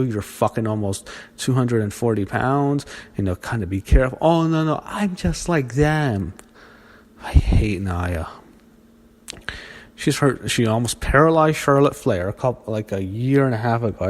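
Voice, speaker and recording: A man reviewing a wrestling show in a profane, angry rant with frequent restarts and trailing mutters. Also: on the low side.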